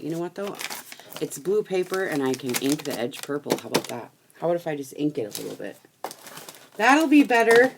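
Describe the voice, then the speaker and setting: A woman with a low voice talks casually to her viewers while crafting, blunt and quick to laugh. A faint hiss sits under the recording. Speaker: live stream crafting host.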